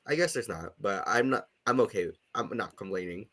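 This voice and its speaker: A man in casual podcast chat, his voice bright and lively. He talks loosely, with plenty of fillers, and laughs often. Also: fairly low pitch, fairly quick. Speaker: podcast co-host.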